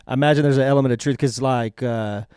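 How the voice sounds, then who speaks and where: A man's voice: medium pitch, steady tone, fast talker, darkish tone, clean tone, no room sound, clean studio sound. A man co-hosting a podcast, chatting easily and hedging as he thinks aloud. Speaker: podcast co-host. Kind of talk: casual chat.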